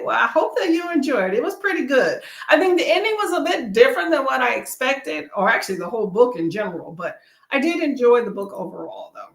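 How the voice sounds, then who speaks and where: A woman's voice: a little high, a bit bright. Upbeat chatty woman, roomy sound. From Texas, USA. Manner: chatty, upbeat, reads viewer comments aloud. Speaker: livestream host. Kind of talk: casual live chat during reading sprints.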